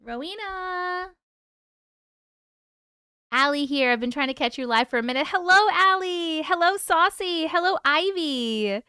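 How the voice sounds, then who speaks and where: Tired lady on a live stream, lively up-and-down voice, smooth and dry, chatting away and saying hi to everyone. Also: high-pitched, dry recording. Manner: chatty and affectionate, greeting viewers by name. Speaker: host. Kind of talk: casual live-stream chat reading comments.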